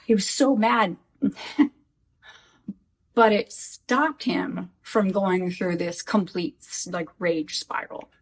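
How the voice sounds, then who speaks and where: A woman telling animated, casual stories to camera about life with her YouTuber husband, with quick asides. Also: mid-range voice, distant mic, rough recording. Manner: animated, quick asides, acts out quoted exchanges. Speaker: wife of a YouTuber.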